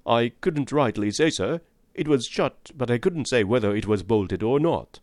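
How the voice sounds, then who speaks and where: A man's voice: medium pitch, animated, moderate pace, a little mellow, no room sound, clean studio sound, natural voice. A man reading an audiobook, voicing a timid young female housemaid who answers hesitantly and deferentially.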